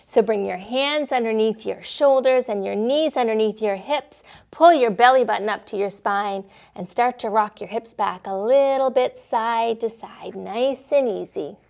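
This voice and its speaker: Gentle slow-paced woman leading kids' yoga. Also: fairly high pitch, gravelly. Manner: gentle, playful, calls out animal sounds. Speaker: yoga teacher for children. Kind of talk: guided kids' yoga instruction.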